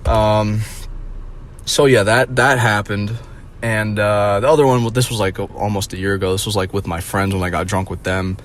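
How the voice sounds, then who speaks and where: A man's voice: fairly low pitch, steady tone, moderate pace, a little hiss or hum. Rambling, profane young man vlogging. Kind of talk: casual vlog rant.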